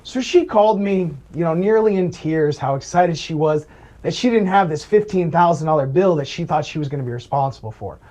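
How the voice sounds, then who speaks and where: Storytelling man with a mellow voice. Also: on the high side, animated, a little fast, low-quality recording. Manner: storytelling, acts out quoted voices, frequent "right?". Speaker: Medicare advisor, interview guest. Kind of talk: conversational interview.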